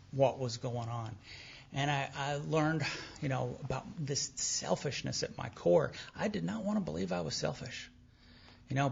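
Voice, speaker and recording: Male speaker, candid self-deprecating storyteller who acts out dialogue, husky voice, dull lo-fi live tape. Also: medium pitch. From Texas. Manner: animated storytelling, acting out remembered dialogue. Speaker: recovery meeting speaker. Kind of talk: personal story shared at a recovery meeting.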